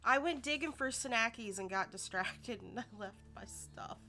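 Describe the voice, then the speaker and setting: A woman's voice: a little high, lively intonation, normal speed, sharp tone, a little hiss or hum. A young woman streaming a video game, chatting playfully in cutesy baby-talk slang. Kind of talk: casual game-stream chat.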